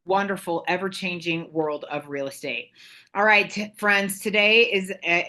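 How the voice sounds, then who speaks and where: Woman podcast host, bubbly and playful, talks over a call, chatty jokes, mid pitch. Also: sharp tone. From California. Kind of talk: casual podcast chat.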